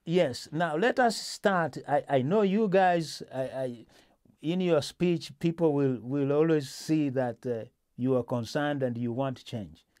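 A man's voice: a little high, a little slow, darkish tone. A male host in a casual political discussion, talking with many restarts and fillers.

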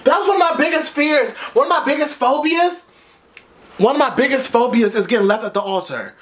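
A man hosting a music video reaction, dramatic, sassy and loud, full of slang. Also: extremely high pitch, fairly quick, a little hiss or hum. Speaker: YouTube reaction host. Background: faint music from the video.

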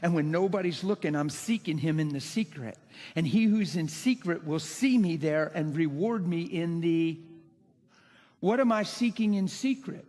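A man's voice: on the high side, normal speed, darkish tone. Impassioned man preaching in a reverberant hall. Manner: impassioned, emphatic preaching with rhetorical questions. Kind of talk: sermon.

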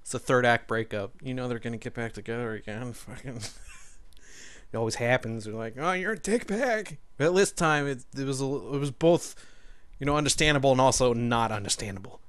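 A man's voice: medium pitch, fairly quick, smooth, no room sound. A young man giving joking, profane commentary over a game he is playing, laughing often and sniffling a bit. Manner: joking, swearing, laughing often, mock voices. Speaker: let's play gamer.

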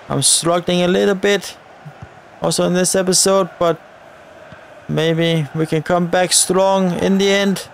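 His voice sits high and creaky as this gaming channel host narrates his football video game live, spurring on the players and speaking directly to viewers. There's slight background noise.

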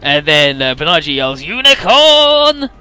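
Bright-voiced casual game commentator, man. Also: medium pitch, moderate pace, faint music behind. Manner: loose, irreverent retelling full of swearing and filler words. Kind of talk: casual let's-play story recap.

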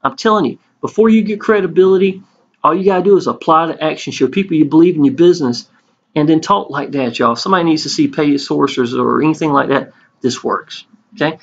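A man, giving an earnest, folksy sales pitch and calling out to his viewers again and again. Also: fairly quick. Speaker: network marketing promoter. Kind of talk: casual sales pitch over a screen tour. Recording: dull lo-fi recording.

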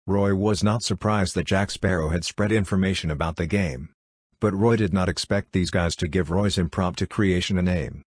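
A man narrating an audiobook in a steady, even storytelling manner. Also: deep voice, moderate pace, no room sound. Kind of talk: scripted narration.

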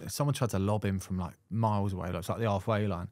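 A man's voice: on the low side, steady tone, quick pace, a little mellow, no echo, studio quality. A young man hosting a podcast in a laid-back, eager way, telling stories and asking questions. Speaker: podcast host, goalkeeper. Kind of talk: casual chat.

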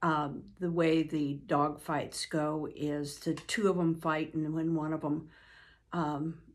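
An older woman, a grandmother, reading a novel aloud in an unhurried way with frequent ums and restarts. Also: deep voice, level tone.

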